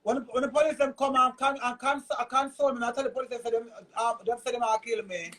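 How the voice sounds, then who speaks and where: High-voiced Jamaican man ranting. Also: steady tone, fast. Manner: loud, cursing, repeats himself. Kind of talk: heated live-stream rant.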